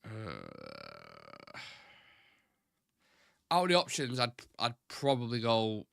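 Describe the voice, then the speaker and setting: Young Mancunian man, bright casual voice. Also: fairly low pitch, wildly swooping pitch, slow pace, creaky, clear, resonant tone, dry recording, clean studio sound. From Manchester, England. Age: 20s. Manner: casual, blunt, swears freely, reads out chat questions. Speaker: fan channel host. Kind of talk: live stream chat reading viewer comments.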